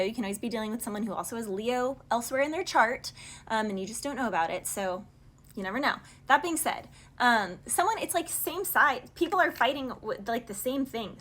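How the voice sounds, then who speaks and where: A woman with a bright, forceful voice, pitched a little higher than most, talks through a tarot reading in a loose, rambling flow. She slips into quick mock arguments between two people and keeps circling back to the same point with plenty of fillers. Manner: rambling, chatty, paraphrases song lyrics in dialogue. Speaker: tarot reader. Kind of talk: casual tarot reading monologue.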